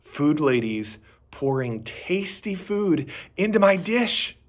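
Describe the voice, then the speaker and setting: A man reading a children's chapter book aloud in a slightly higher than usual voice. His pitch swings widely as he brings the story to life, and he takes it at an unhurried, deliberate pace. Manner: animated, expressive storytelling. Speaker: reader.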